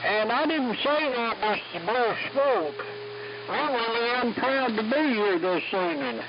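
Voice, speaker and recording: A man's voice: very high voice, lively intonation, measured pace, creaky, a loud crowd. A man, checking in on an amateur radio net, folksy and joking, heard through lo-fi AM radio with static. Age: 70s. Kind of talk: ham radio chat.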